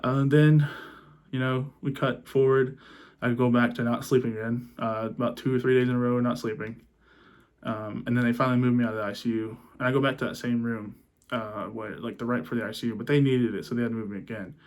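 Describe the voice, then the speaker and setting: A young man telling a personal story in a subdued, halting way, restarting his sentences and choking up at moments. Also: medium pitch, steady tone, darkish tone. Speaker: vlogger.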